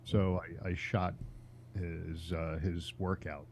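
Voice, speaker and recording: Halting man with many fillers. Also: deep voice, flat delivery, a little mellow. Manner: halting, many fillers, defends his view. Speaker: call-in show panelist. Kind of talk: casual political chat. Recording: video call audio.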